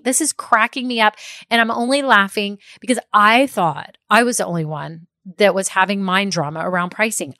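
A woman's voice: mid-range voice, pushed and bright, dry recording, clean studio sound. A woman business coach giving a motivational talk straight to her listeners. She is emphatic and upbeat, repeats key phrases, and keeps checking in with "okay?".

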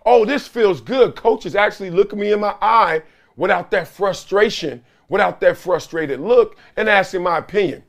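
A man's voice: sits high, normal speed. A man mocking a starry-eyed football star. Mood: smug. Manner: mocking, breezy sing-song.

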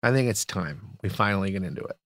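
A man co-hosting a podcast, riffing in a casual comedic chat with animated, mock-outraged rants. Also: low-pitched, quick pace, no room sound, clean studio sound. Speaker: podcast co-host.

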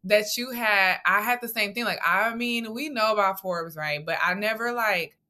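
A woman hosts a podcast in casual conversation, with a bright, forward tone. She talks expressively and laughs often while sharing her own stories. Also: mid-range voice, moderate pace. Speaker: podcast host.

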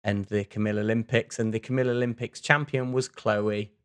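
A man's voice: fairly low pitch, level tone, a little fast, clean tone. A man co-hosting a casual podcast chat, telling a long story with frequent restarts and fillers. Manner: rambling storyteller, many restarts and "like"s. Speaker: podcast co-host.

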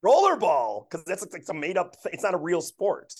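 A man guesting on a podcast, slightly hoarse after losing his voice, who rambles and restarts his sentences. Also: sits high, very animated, fairly quick. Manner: rambling, stops and restarts often. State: recovering from lost voice. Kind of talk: casual chat.

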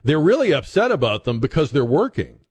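A man's voice: on the high side, big pitch swings, fairly quick, darkish tone, slightly rough, dry recording. A man hosting a radio talk show, asking long questions in a conversational way. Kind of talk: radio interview.

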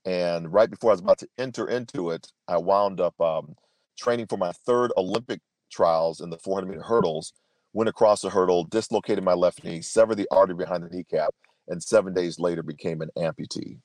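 A man's voice: sits low, fairly quick, darkish tone, no echo. A man in his fifties, a podcast guest, telling a personal story in an earnest, emphatic way, often restarting his sentences. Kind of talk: storytelling interview answer.

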